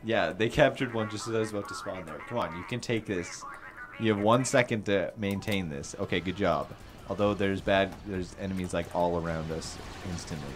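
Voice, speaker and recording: A man co-hosting a casual let's-play, excitable and quick to laugh and yelp at the game. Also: low-pitched. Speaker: gaming co-host. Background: game music.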